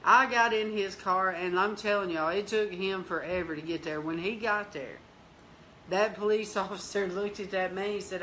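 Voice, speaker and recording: A woman host of a Christian teaching show recounts a personal testimony, playing out each person's lines as she goes. Her voice is bright and forceful, and she moves between plain storytelling, exclamations of praise and prayer. Faint noise sits underneath. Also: medium pitch, moderate pace. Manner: lively storyteller, acts out dialogue, bursts into praise.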